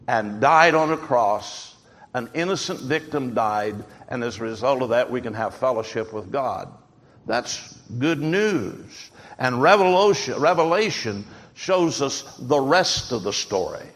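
A man's voice: mid-range voice, fairly bright tone. Preaching man in a reverberant hall. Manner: emphatic preaching with rhetorical questions. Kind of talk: sermon.

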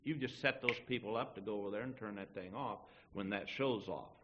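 A man's voice: lowish voice, fairly quick, fairly bright tone, dull audio. A man preaching a folksy sermon to his church, acting out little everyday dialogues as he teaches. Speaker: pastor.

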